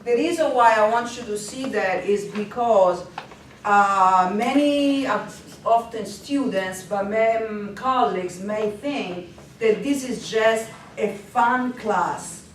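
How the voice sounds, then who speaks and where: A woman's voice: mid-range voice, takes it slowly. Woman presenting in a very echoey room. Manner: lively, often laughing, frequent hesitations. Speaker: language instructor presenting at a teaching workshop. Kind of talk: workshop presentation. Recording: very echoey, distant, faint noise.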